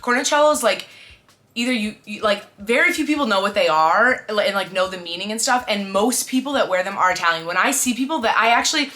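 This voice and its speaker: A young woman talking casually to camera in a fashion vlog, chatty and excitable, full of little asides. Her voice is bright and forward, sitting at an ordinary pitch for a woman. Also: fairly quick. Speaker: fashion vlogger.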